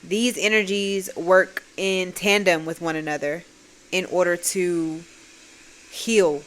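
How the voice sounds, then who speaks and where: A woman's voice: on the low side, fairly even intonation, takes it slowly, a bit bright. A young woman hosts a solo podcast, speaking bluntly and conversationally, with plenty of swearing and a preachy edge. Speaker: podcast host.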